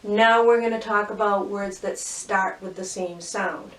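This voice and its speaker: A woman teaching a phonics lesson to young children, cheerfully sounding out words and syllables slowly and clearly. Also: medium pitch, steady tone, distant mic. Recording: roomy echo, voice from off mic.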